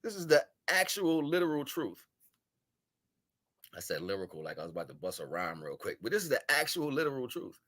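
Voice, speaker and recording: A man on a livestream giving a spiritual monologue, shifting between solemn murmurs, loud scolding and slangy, laughing chat with viewers. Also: mid-range voice, very animated, a little fast. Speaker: live stream host. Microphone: live stream microphone.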